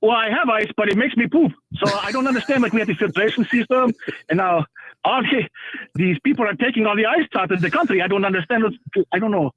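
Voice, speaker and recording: A man's voice: high voice, fast talker, a bit bright, poor audio. A man putting on a bumbling foreign caller with a fake accent, rambling in broken English and sounding breathless. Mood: puzzled.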